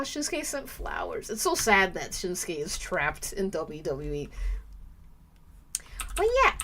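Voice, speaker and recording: A young woman streaming live, chatting casually and rambling with lots of fillers, now and then bursting into excited squeals. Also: fairly high pitch, a little hiss or hum.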